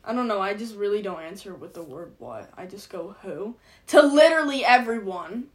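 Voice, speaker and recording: A young woman of eighteen chatting casually with a friend, slangy and quick to laugh, sometimes mumbling her words together. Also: mid-range voice, lively intonation. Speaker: podcast co-host. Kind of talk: casual chat.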